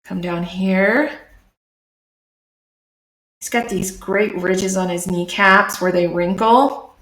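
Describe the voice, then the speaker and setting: A woman's voice: mid-range voice, fairly even intonation, slow pace, a bit bright, echoey room, poor audio. A woman chatting casually as she draws on a live stream, talking through each step. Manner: chatty, talks through her work. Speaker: streamer and artist. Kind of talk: live-streamed drawing commentary.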